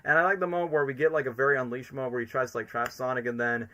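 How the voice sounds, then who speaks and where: An enthusiastic male streamer giving casual fan commentary in a bright voice. He rambles along, leaning heavily on filler words. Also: mid-range voice, fairly even intonation, very fast. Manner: enthusiastic, rambling, fills every sentence with "literally" and "like".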